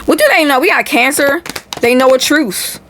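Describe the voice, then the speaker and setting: A woman's voice: high-pitched, moderate pace, fairly bright tone, a little hiss or hum. A woman doing a casual tarot reading for viewers, blunt and chatty, swearing freely and talking straight to her audience. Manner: blunt, profane, chatty, addresses viewers directly. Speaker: tarot reader.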